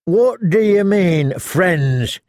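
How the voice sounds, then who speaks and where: A man's voice: sits high, expressive, extremely slow, a little mellow, no echo, clean studio sound, pitched above the performer's own voice, heavily acted. A man doing a scornful, suspicious young lad.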